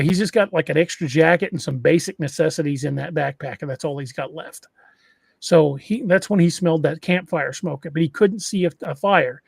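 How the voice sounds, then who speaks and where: A man's voice: fairly high pitch, gravelly, darkish tone, no echo, studio quality. A man hosting a podcast, retelling an eerie encounter story in a casual way, often restarting phrases. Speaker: podcast host.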